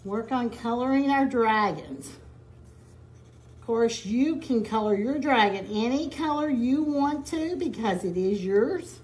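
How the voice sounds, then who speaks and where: A woman, a children's librarian, gently explaining a craft activity to children. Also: a little high, expressive, echoey room, slight background noise. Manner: gentle, unhurried instructions.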